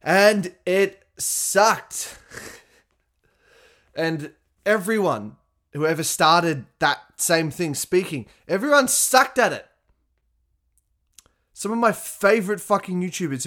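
A young man talking on his own podcast in an animated, casual way, swearing freely and making asides to his listeners. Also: on the high side. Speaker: podcast host. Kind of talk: casual solo podcast talk.

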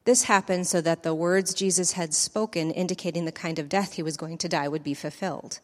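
A woman reading the creed and scripture aloud in church at a measured, deliberate pace. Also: on the low side, steady tone, darkish tone, long reverb tail. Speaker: lay scripture reader.

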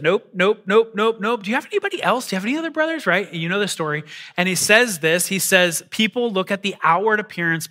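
A man preaching a sermon to a congregation, animated and repeating words as he goes. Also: sits high. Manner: animated, repeats words, acts out quoted voices. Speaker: pastor. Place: church hall before a congregation.

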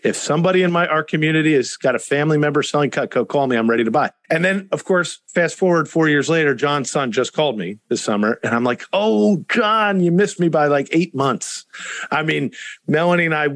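A man's voice: on the high side, fast, fairly bright tone, no room sound. A man hosting a podcast in enthusiastic, rambling casual chat. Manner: enthusiastic, talks in long rambling runs. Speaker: podcast host.

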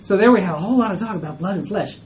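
A woman teaching a Bible study class to a group, animated and acting out skeptical listeners' reactions. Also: medium pitch, racing, slight background noise. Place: room with a group.

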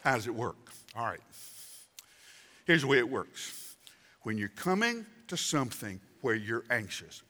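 A man's voice: mid-range voice, big pitch swings, takes it slowly, pauses often, pushed and bright. A man in his sixties preaching a conversational sermon as pastor, acting out voices for emphasis. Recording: reverberant hall.

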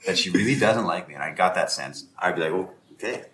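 A man with a very low voice talks through a casual round-table discussion. He acts out both sides of the exchanges he describes. The room around him rings with echo. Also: fast, pushed and bright. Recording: echoey room.

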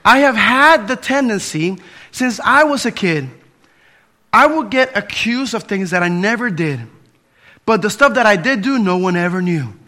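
High, bright-voiced preacher man. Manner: impassioned, swinging between loud appeals and hushed pleading. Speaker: pastor. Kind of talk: sermon.

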